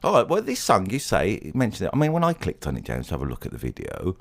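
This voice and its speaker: A man's voice: low-pitched, huge pitch swings, fast talker, gravelly. A man co-hosting a pop chart podcast, chatting casually in a wry, teasing way. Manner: wry, teasing, laughs often. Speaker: podcast co-host.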